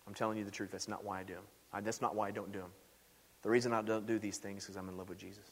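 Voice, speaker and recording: Guy preaching a sermon in a church, storytelling, gets loud, hall echo behind him. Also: on the low side, very fast. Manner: animated storytelling preaching, voice rising loud when stirred. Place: church sanctuary. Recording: echoey hall.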